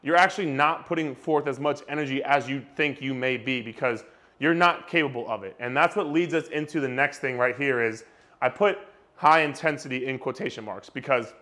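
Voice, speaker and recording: A man's voice: medium pitch, brisk, sharp tone. A young man, a fitness coach, talking emphatically straight to camera, repeating himself and swearing casually. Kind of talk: direct-to-camera fitness rant.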